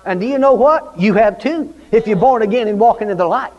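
A slightly fast, slightly mellow, high-pitched man preaches a church sermon with fervor and repetition, calling often for amens. The recording sounds dull and lo-fi with lengthy church reverb.

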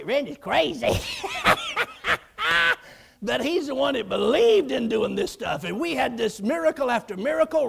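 A preacher tells his story with great animation, his voice strikingly high and thick with gravel. It has a husky grain, and he breaks into shouts as he acts out each character. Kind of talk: storytelling sermon.

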